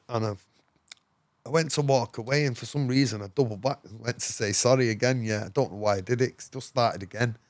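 With a mid-range voice and a fairly quick delivery, an English podcast guest spins a rambling, casual story. He swears a lot, leans on slang and drops fillers like "you know what I mean," all with no echo.

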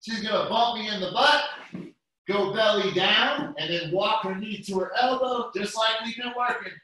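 A man's voice: high voice, moderate pace, a little hiss or hum. A man teaching a jiu-jitsu class, walking students through moves step by step and calling them guys. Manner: steady step-by-step coaching, addresses students as guys. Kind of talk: live class instruction over video call. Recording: echoey room, voice from far off.

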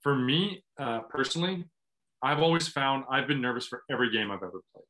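A man's voice: medium pitch, brisk, bright, forceful tone. A man, a former pro volleyball player, earnestly explaining mental training to athletes in a conversation over a video call. He often restarts his phrases. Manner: earnest, restarts phrases, acts out inner self-talk.

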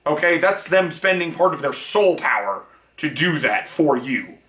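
A man hosting his channel talks a little slowly in a slightly high, very animated, fairly bright voice. The casual monologue rambles and stays frank, with constant self-correction, and the space sounds echoey.

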